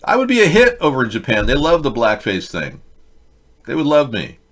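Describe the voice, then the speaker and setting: A man's voice: mid-range voice, wildly swooping pitch, brisk, a bit bright. A man hosting a casual political commentary livestream, reading chat with rambling, sarcastic asides.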